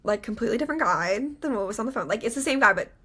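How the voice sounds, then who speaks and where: A woman's voice: fairly high pitch, very fast, husky. Chatty young woman telling a story. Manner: animated storyteller, acts out quotes, many "like" fillers. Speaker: podcast co-host. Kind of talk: casual chat, storytelling.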